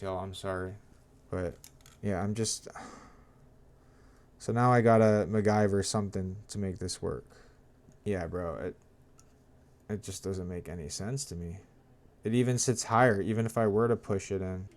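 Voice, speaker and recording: Low-voiced man muttering through a repair. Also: moderate pace, darkish tone. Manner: mutters while working, grows frustrated and swears. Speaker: tech vlogger. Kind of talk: casual hands-on narration.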